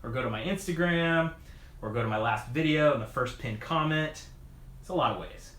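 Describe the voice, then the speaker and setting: This mountain bike video creator, live-streaming as he works on his bike, answers chat in a casual ramble packed with fillers and restarts, chuckling frequently. His voice is on the high side and a bit bright, at a normal speed, with echoey room sound.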